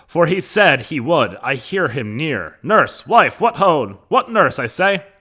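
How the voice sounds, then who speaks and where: A man reading the part of a blustering old noble father who barks hurried orders in a raised, loud voice. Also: mid-range voice, sing-song, voice pushed up. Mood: bossy. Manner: barking orders loudly.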